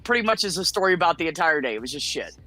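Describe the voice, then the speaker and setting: Brash American woman, bright forceful voice, profane storyteller, soft music under. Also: sits low, very fast. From United States. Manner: blunt, profane, animated storytelling. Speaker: guest. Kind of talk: casual storytelling on a chat show.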